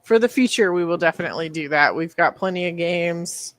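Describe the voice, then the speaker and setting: A woman's voice: fairly low pitch, a little fast, no echo. A woman co-hosting a podcast in casual chat, chatty and teasing, who laughs easily. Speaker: podcast co-host.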